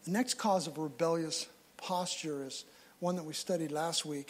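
A man's voice: on the high side, fairly even intonation, normal speed. A man preaching a live sermon in church, telling stories and acting out what people say. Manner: storytelling, acts out quoted voices. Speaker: pastor.

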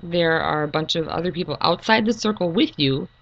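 A middle-aged woman talking earnestly and hesitantly in a personal video monologue, pausing with frequent ums. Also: lowish voice, fairly bright tone, no echo, dull audio. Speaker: YouTube channel creator.

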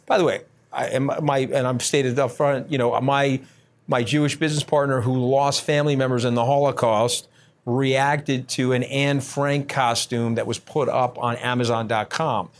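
A brash man gives blunt, combative answers in an interview. His voice sits at an everyday middle pitch and he talks in uneven bursts, full of fillers and restarts. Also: steady tone, moderate pace. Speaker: interview guest.

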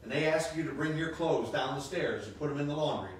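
Speaking fast in a slightly high voice, a pastor in his fifties preaches emphatically, repeating phrases and dropping in jokes. The church sanctuary sounds echoey, picked up by a distant mic with a faint hiss.

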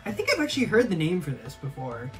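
A man's voice: fairly high pitch, wildly swooping pitch, quick pace, soft background music. A man reading the lines of an ordinary young man in a video game, in his own near-natural voice with a hesitant, plain delivery. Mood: puzzled.

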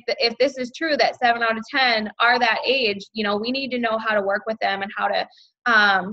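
A woman's voice: a little high, bright, forceful tone. A woman leading a team sales training over a video call, upbeat and chatty with lots of fillers. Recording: dull lo-fi video call audio.

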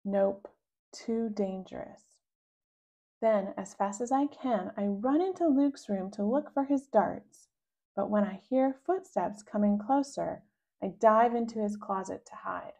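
A woman reading a children's book aloud, voicing the child narrator with sudden high, loud outbursts. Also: a little slow, gravelly. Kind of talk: read-aloud storytelling.

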